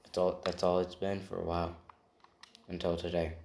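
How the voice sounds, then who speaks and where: A man with a deep, low voice improvises a story out loud, stumbling and restarting as he invents it. He sounds like he's in an echoey room. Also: completely flat delivery, moderate pace, creaky, slight background noise. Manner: rambling, self-correcting, tells it off the cuff. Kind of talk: improvised fan story narration.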